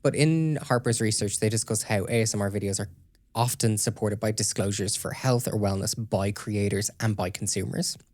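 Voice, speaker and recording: A man co-hosting a podcast, calmly talking through research findings in casual chat and checking in with his listener. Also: fairly low pitch, normal speed, dry recording, studio quality. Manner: explains steadily, checks in with "okay?". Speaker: podcast co-host presenting research.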